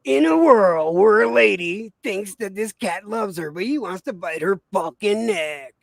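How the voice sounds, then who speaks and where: A man putting on a slow, dramatic movie-trailer announcer voice in a casual conversation. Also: high-pitched, animated, creaky, no echo, clean studio sound, pitched below the performer's own voice, full character voice. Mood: mock-dramatic.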